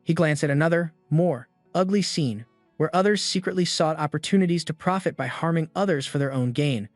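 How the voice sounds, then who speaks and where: A man's voice: a little high, brisk, dry recording. A man steadily reading a scripted story recap. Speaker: narrator. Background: faint background music.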